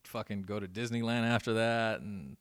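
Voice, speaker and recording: A man's voice: lowish voice, moderate pace. A man in his thirties, a guest DJ chatting casually on a podcast, laid-back and swearing, with lots of restarts.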